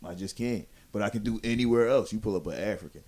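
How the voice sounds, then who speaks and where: A man co-hosting a comedy podcast, bantering loudly and playfully with lots of swearing. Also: lowish voice, quick pace. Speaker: podcast co-host. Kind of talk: casual comedy chat.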